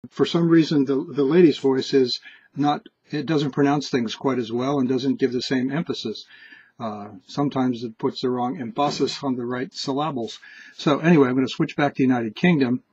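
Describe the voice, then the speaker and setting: A man's voice: mid-range voice, fairly even intonation, moderate pace, a little mellow, husky, lo-fi sound. A man hosting a screen-recorded app tutorial, explaining in a casual, chatty way with some restarts. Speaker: tutorial host.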